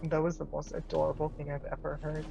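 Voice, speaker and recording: A woman's voice: sits low, level tone, fast, creaky. A woman chatting on her partner's game stream, giggly and thoughtful as she explains her points. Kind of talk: casual chat. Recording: slightly dull with faint noise.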